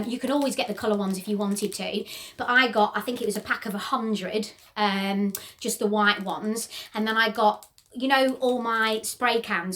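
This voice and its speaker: A woman's voice: mid-range voice, fairly bright tone, a little hiss or hum. A middle-aged woman hosts a casual DIY craft tutorial, talking in a bubbly, rambling way with frequent ums. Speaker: host of a home crafts channel.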